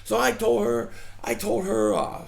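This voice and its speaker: A middle-aged man talking casually outdoors as a fan vlogger, rambling and animated as he tells stories and mocks people. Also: sits high, unhurried, creaky. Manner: rambling, animated storytelling with mocking impressions. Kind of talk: casual outdoor vlog rant.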